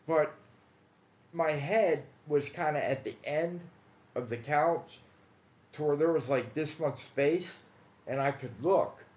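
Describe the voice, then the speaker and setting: A man casually telling his own paranormal experiences on a livestream, calling his listeners guys and dude, hushed in some stretches and emphatic in others. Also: fairly high pitch, slow pace, pauses often. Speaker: paranormal storyteller. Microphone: phone or computer mic on a livestream. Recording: echoey room.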